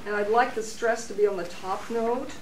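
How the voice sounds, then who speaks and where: A woman's voice: mid-range voice, fairly even intonation, normal speed, slight background noise. Woman voice teacher, encouraging, sung demonstrations, echoey room, distant mic. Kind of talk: singing lesson coaching.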